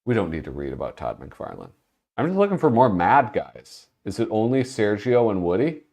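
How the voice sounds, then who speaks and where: Hosting a relaxed livestream, a man talks in a fairly low, darkish, sing-song voice at a moderate pace. He rambles with viewers, often interrupts his own thoughts, and laughs while he's talking.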